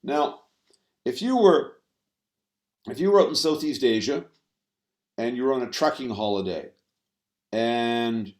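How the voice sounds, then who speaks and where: A man giving a talk on stress management to an audience, halting and full of fillers and restarts. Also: medium pitch, lively intonation, darkish tone. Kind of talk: presentation talk. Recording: roomy echo.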